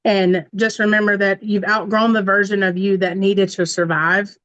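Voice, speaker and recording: A woman's voice: medium pitch, level tone, normal speed, fairly bright tone, highs cut off. A woman in her forties giving a heartfelt personal testimonial to her community, earnest and encouraging. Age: 40s. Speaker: community member sharing testimonial.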